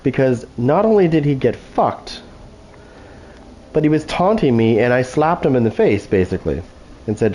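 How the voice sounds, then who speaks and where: A man talks over his own gameplay, swearing and taunting opponents in a loose, cocky way. His voice is dark and mellow. A faint hiss sits under the recording. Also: medium pitch, lively intonation, normal speed, rough recording. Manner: profane trash talk, taunting. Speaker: gaming channel host. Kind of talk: gameplay commentary.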